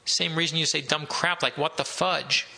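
A man's voice: on the high side, steady tone, moderate pace, gravelly, pushed and bright, full character voice. A man voicing a stubborn, principled young man who speaks in terse, firm lines in a novel read aloud. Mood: sharp.

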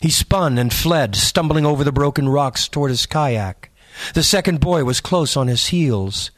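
Guy narrating a creepy audiobook, slow suspense, dry close sound. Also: mid-range voice, dry recording. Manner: measured, suspenseful reading.

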